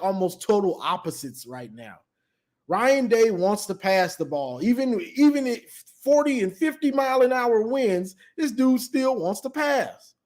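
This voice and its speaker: A man hosting a live sports call-in show, telling a trash-talk story with laughter and lots of quick restarts. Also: sits high. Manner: animated storytelling, acting out both sides of a trash-talk exchange with laughter; frequent stammered restarts.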